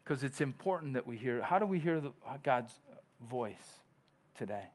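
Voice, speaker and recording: A man's voice: mid-range voice, lively intonation, moderate pace, a little mellow. A male pastor preaching a sermon in a conversational way, with frequent restarts and long scripture readings. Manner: reads scripture aloud.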